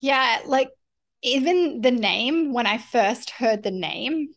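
A woman's voice: fairly high pitch, lively intonation, slow pace. A woman interviewing a guest, thinking aloud with hesitant, searching phrasing. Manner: searching, hesitant, laughs easily. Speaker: interviewer, host. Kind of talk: conversational interview.

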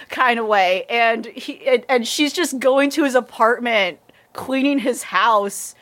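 A woman's voice: high-pitched, expressive, unhurried, a bit bright. A woman in casual anime review chat, rambling, swearing, and laughing often.

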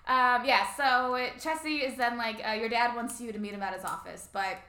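A young woman with a bright, high-ish voice chats through a movie recap, giggling as she goes. Her voice sits in a roomy, echoey space. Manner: giggly, animated retelling with quick asides. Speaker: podcast co-host. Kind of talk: casual movie recap chat. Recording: roomy echo.

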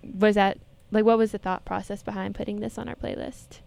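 A woman's voice: medium pitch, flat delivery, fairly quick, creaky, a little mellow. A young woman with an American accent hosting a casual radio interview, bubbly and chatty, with many "like"s. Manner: bubbly, chatty, says "like" often. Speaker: radio host.

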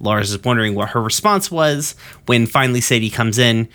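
A man's voice: a little fast, fairly bright tone. A man on a podcast casually recapping an episode, rambling with lots of ums and uhs and throwing in curse words. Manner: loose, rambling, lots of ums and uhs, acts out quotes in higher voices.

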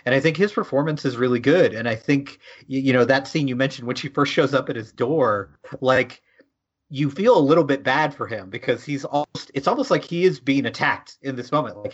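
A man's voice: medium pitch, expressive, a little fast, husky. A man co-hosting a casual movie podcast, thoughtful and chatty, with an easy laugh. His voice sits mid-range and comes through a dull, lo-fi mic. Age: older. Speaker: podcast co-host. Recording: dull lo-fi sound.

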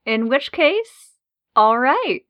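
Quippy woman podcaster with a lively voice. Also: high-pitched, dull audio. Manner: joking, quick quips. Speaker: podcast co-host. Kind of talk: casual podcast chat.

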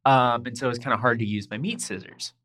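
A woman co-hosting a casual podcast from home, chatting in a rambling way and getting loud when excited. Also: extremely low pitch, fast. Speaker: podcast co-host. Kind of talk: casual chat. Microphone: home mic over a voice call.

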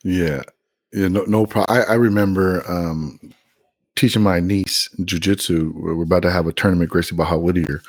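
A man with a gravelly, fry-heavy voice chatting on a podcast, blunt and profane but ready to agree. His pitch sits in an ordinary middle range. The sound is close and dry, with no room echo. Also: fairly even intonation, normal speed. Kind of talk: casual podcast chat.

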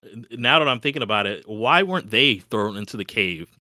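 A man's voice: lowish voice, expressive, fairly quick, bright, forceful tone, dry recording, clean studio sound. A man co-hosting a podcast in casual chat, joking and laughing at his own quips. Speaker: podcast co-host.

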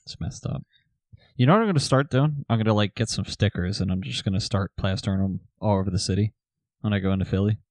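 A man's voice: fairly low pitch, fast, darkish tone, dry recording. A man co-hosting a podcast in casual chat, rambling and restarting his sentences. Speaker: podcast co-host.

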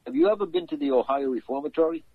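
A man co-hosting a casual podcast, speaking hesitantly with frequent pauses. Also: fairly high pitch, huge pitch swings, gravelly, husky, no echo, phone-quality sound. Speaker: podcast co-host. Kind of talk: casual chat.

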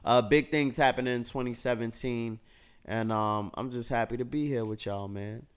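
Male podcast host, playful and loud, smooth clear voice, mid pitch. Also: fairly even intonation, normal speed. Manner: loud, playful, hypes up guests. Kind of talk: casual chat.

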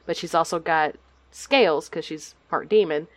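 A woman from Texas, a guest on a podcast over a video call, chatting casually with lots of fillers and quick laughs. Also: deep voice. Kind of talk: casual chat.

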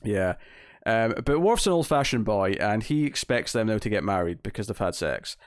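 A man's voice: fairly low pitch, sing-song, normal speed, clean tone, no room sound, clean studio sound. Rambling man in casual podcast chat. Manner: rambling, lots of fillers and restarts. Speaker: podcast co-host.

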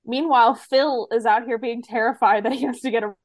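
A woman's voice: on the high side, steady tone, fairly quick, no room sound. A woman co-hosting a podcast, chatting casually about a TV episode with dry, wry asides. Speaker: podcast co-host. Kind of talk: casual chat recapping a TV episode.

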